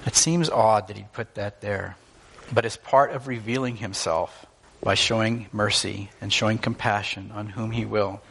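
A man's voice: lowish voice, fairly even intonation, normal speed, creaky, a bit bright, husky. Earnest male preacher giving a sermon. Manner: earnest, emphatic, illustrating with stories and acted quotes.

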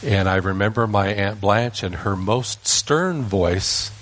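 An older man with a lowish voice tells a family story from his boyhood. He speaks in a folksy, unhurried way and sometimes pauses to correct himself mid-sentence. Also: fairly bright tone. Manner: folksy, unhurried, with small restarts. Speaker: grandfather telling a family story. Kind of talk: personal storytelling.

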